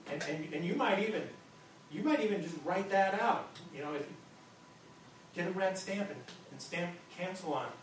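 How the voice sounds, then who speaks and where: A man's voice: high voice, animated, moderate pace. Man preaching in an echoey hall. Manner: conversational, stammering restarts and repeated words. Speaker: pastor. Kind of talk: sermon. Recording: very echoey hall, distant mic, faint noise.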